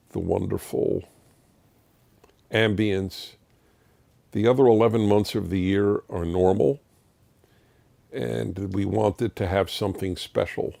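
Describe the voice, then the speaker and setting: Gravelly man delivering indignant commentary. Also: on the low side, a little mellow, dry recording. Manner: emphatic, indignant, rhetorical questions. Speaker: radio host. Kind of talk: opinion commentary.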